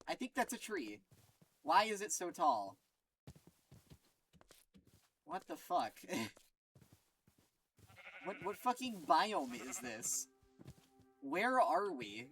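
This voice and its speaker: A woman streaming a game, reacting in an excitable, foul-mouthed way and laughing often. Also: deep voice, slow, long pauses, slight background noise. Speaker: gaming streamer. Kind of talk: casual let's-play commentary. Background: game music.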